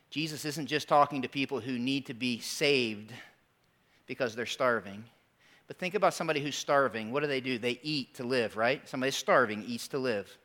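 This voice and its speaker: A man's voice: medium pitch, bright, forceful tone. A man in his forties preaching a sermon, storytelling with animation and calling out to his congregation. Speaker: pastor.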